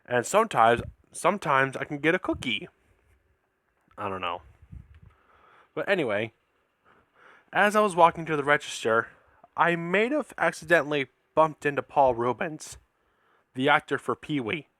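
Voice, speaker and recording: Lively, bright-voiced rambling male storyteller. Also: fairly high pitch, normal speed, pauses often, no room sound, studio quality. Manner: rambling, with many restarts and repeated words. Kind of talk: casual spoken fan-fiction story.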